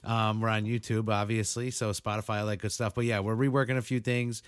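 A man's voice: lowish voice, little pitch movement, fairly quick, clean tone, dry recording, clean studio sound. A man from New England co-hosting a podcast, telling loose, profane stories and chatting with listeners. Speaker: podcast co-host. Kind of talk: casual podcast chat.

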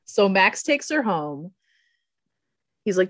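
A woman's voice: lowish voice, animated, measured pace, dry recording. A woman in casual chat, recapping a movie plot with frequent laughter and acted-out quotes. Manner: laughs often, acts out quoted lines. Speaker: podcast co-host recapping a movie.

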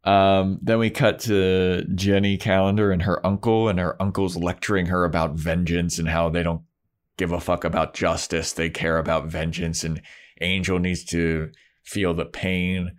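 A low-voiced man chats casually as a podcast co-host. He retells events in an animated way, jumping into quotes. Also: moderate pace. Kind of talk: casual chat.

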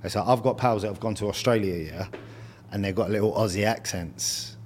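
A man's voice: on the low side, brisk, a little mellow, slight background noise. A man, co-hosting a casual podcast chat, blunt and swearing casually. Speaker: podcast co-host.

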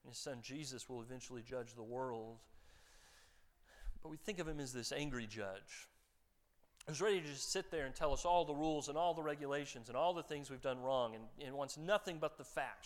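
A man's voice: medium pitch, a little fast. A man pastor giving a conversational sermon, joking with his congregation.

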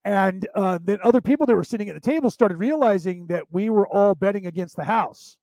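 A man's voice: high voice, a little fast, warm tone, dry recording, rough recording. A man hosting a podcast, talking in a casual, rambling, crude and profane way and laughing often. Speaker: podcast host.

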